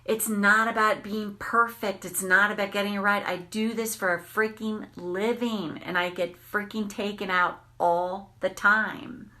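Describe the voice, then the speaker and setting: A woman coaching on tapping, telling candid, animated stories and swearing freely. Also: mid-range voice, measured pace, few pauses. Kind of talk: casual storytelling monologue.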